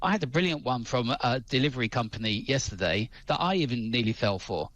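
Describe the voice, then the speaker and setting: An earnest man guests on a radio show as a fraud prevention chief. He gives practical advice and retells his own brush with a scam, acting out what he thought at the time. His pitch is middling. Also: lively intonation, fairly quick, fairly bright tone. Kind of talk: radio interview.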